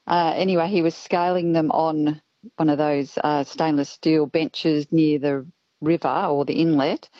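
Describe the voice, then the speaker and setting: A woman calling in to a radio show, telling a story in a chatty, animated way. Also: low-pitched, a little slow, no echo, muffled recording. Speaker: caller. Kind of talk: phone-in storytelling.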